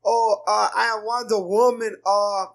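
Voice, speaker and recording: A man's voice: high voice, level tone, a little slow, vocal fry, roomy sound, pitched above the performer's own voice. A man voicing a brash, boastful woman fighter with a Brazilian accent, in a podcast bit. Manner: boastful, exaggerated.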